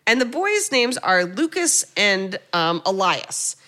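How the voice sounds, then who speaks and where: She's a U.S. podcast co-host doing a loose, joke-filled movie recap that rambles playfully. Her mid-range voice moves through big pitch swings, her tone is sharp, and she takes her time.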